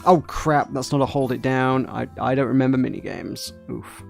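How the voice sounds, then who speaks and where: A man's voice: mid-range voice, normal speed, gravelly, a little mellow, faint music behind. A man giving casual live-stream commentary over a game, chatty and playful, talking along as he plays. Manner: chatty, playful, talks along with his play.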